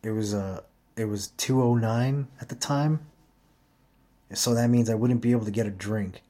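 A tired man with a slightly low voice talks straight to his viewers. He rambles and curses freely as he tells a story from his own life, in a casual and plainspoken way. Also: steady tone, normal speed, warm tone. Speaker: vlogger.

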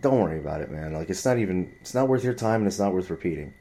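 Heated, profane young man, low voice. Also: lively intonation, fast talker, dark tone. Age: 20s. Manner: profane, heated, rambling delivery. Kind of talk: casual storytelling rant.

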